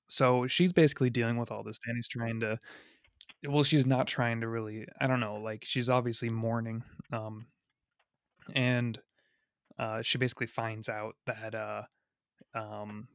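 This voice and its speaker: A man's voice: medium pitch, creaky, dry recording, clean studio sound. A man talking through a film in a casual, rambling way, full of fillers and restarts.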